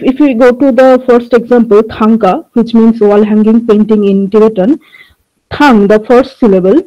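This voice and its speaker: Mellow-voiced woman presenting research. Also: a little high, rough recording. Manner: measured, frequent "uh" fillers, talks through slides. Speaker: linguistics researcher presenting a paper. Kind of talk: academic conference presentation.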